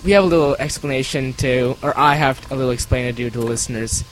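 A man's voice: mid-range voice, fast, heavy background noise. A man hosting a casual podcast, reading listener emails and chatting in a rambling, apologetic way. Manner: rambling, apologetic, laughs often; reads listener emails aloud. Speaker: podcast host.

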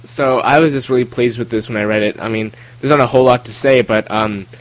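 A man's voice: medium pitch, steady tone, brisk, low-quality recording. A man co-hosting a casual book discussion, asking questions and thinking aloud. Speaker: podcast co-host.

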